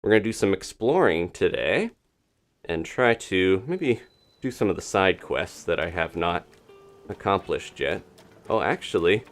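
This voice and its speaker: Low-voiced man chatting over gameplay. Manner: chatty and upbeat, laughs often, greets chat. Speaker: streamer. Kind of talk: casual live-stream gameplay commentary.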